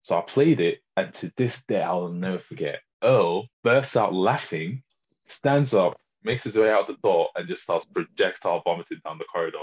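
Brief: guy, twenties, husky low voice, swings all over when telling a story, dull lo-fi mic. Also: moderate pace. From northern England. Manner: animated storyteller, laughs often. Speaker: podcast co-host. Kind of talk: casual chat.

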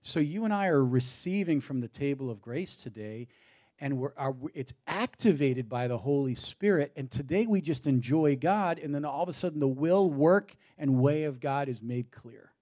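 A man's voice: fairly high pitch, expressive, moderate pace, a little mellow. Preaching man building emphasis. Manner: rhetorical questions with swelling emphasis; out of breath at times. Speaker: pastor. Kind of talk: sermon.

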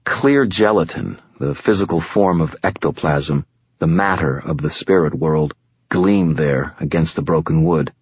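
Male audiobook narrator: steady and grim, dry close sound, slightly dull lo-fi quality. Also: extremely low pitch, measured pace, slightly rough, no room sound. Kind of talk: first-person audiobook narration.

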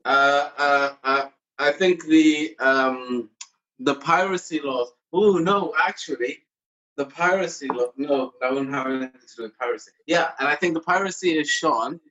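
A man's voice: on the high side, moderate pace, bright, forceful tone, highs cut off. A man comedian on a video call, rambling and hesitant as he corrects himself mid-thought. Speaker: comedian panelist. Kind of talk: comedy panel show chat over video call.

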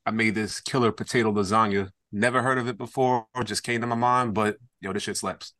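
A chef chats on a podcast in a frank, easygoing way. He talks fast, and his low voice has a bright edge. The sound is dry, with no room echo. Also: fairly even intonation. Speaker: chef guest. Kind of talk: casual podcast chat.

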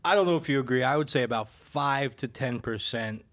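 A man of middle pitch talks casually as a betting advisor. He tells his stories loosely, starting over and filling gaps with little sounds. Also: a little fast, fairly bright tone. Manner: storytelling, many restarts and fillers. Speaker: sports betting handicapper. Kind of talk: casual podcast chat.

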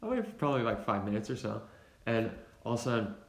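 Low gravelly young man, rambling. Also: fast talker. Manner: rambling, relaxed, trails off with fillers. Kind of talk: casual chat. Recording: roomy echo.

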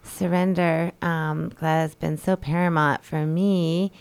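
A woman with a low, smooth voice talks earnestly and animatedly about spiritual ideas. She co-hosts a radio talk show. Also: flat delivery, slow, darkish tone. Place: radio studio.

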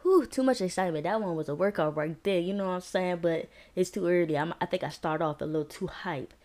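A woman hosting her own podcast in a casual, playful manner, teasing herself, stretching words out and laughing often. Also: lowish voice. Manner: animated, rhyming and drawn-out words. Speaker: podcast host. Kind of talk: casual solo podcast talk.

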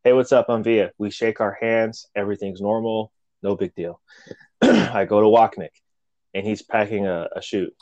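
A man telling loud, profane stories from his military years in a casual chat, laughing often. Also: fairly low pitch, fairly even intonation, normal speed, dry recording, muffled recording.

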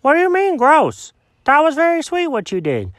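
A man voicing a cheerful, earnest male dog in a high, eager voice. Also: huge pitch swings, normal speed, fairly bright tone, no room sound, studio quality, heavily acted.

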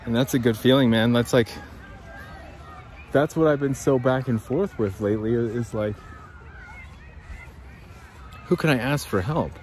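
A man in his twenties or thirties talks to his listeners as he walks outdoors by a creek, rambling and swearing freely. His voice sits at an ordinary middle pitch. A faint hiss of outdoor air runs under his words. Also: moderate pace, a little mellow. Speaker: podcast host. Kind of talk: rambling walk-and-talk monologue.

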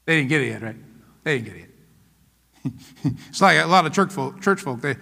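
Lively high-pitched preacher man in a reverberant church. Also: fairly quick, gravelly. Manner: animated, playful preaching with laughs and acted-out asides. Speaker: pastor. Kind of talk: sermon.

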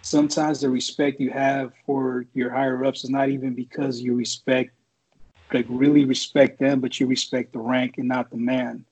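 A man's voice: mid-range voice, little pitch movement, moderate pace, darkish tone, slightly rough. A former Marine man telling a story in a casual, rambling, profane way. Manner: profane, rambling, laid-back. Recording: dull lo-fi audio.

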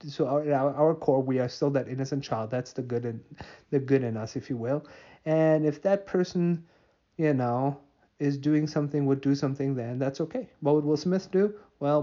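A male podcast host talks on his own, drifting between thoughts and laughing at himself, full of fillers and restarts. His voice is warm and dark. The recording is a little muffled. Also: fairly high pitch. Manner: rambling, self-mocking, frequent fillers and restarts. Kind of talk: solo podcast monologue.

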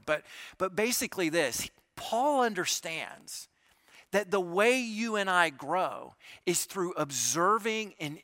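A pastor giving a conversational sermon, often asking the congregation rhetorical questions. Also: male voice, fairly high pitch, sharp tone, dry recording, studio quality.

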